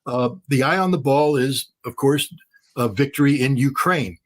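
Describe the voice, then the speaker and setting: A man speaking as an interview guest, talking fast and emphatically, hammering points home by repeating phrases. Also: medium pitch. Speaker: guest commentator. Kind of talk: heated interview commentary.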